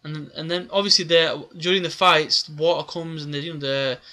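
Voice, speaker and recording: A man's voice: on the high side, fairly quick, pushed and bright. A man giving a casual, rambling recap of a comic chapter, with many filler words. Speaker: manga reviewer.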